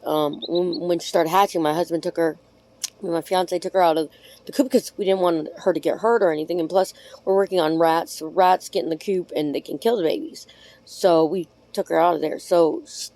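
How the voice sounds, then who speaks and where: A woman talking straight to camera in a loose, rambling vlog. Her voice sits a little low, and she is chatty and affectionate. She is frank and swears offhandedly. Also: darkish tone. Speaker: vlogger. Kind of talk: casual talk to camera.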